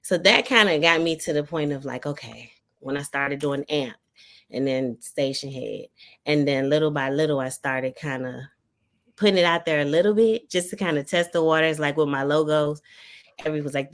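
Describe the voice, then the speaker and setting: A woman from Maryland with a raspy voice, chatting as a podcast guest and reflecting on her story with plenty of fillers. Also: low-pitched, normal speed. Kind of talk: casual podcast chat.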